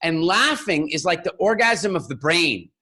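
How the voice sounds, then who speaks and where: A man giving a keynote talk as a public speaking coach, telling a funny story in an animated way and acting out the voices of people in it. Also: on the high side, normal speed. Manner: animated, acts out voices and laughs through his story.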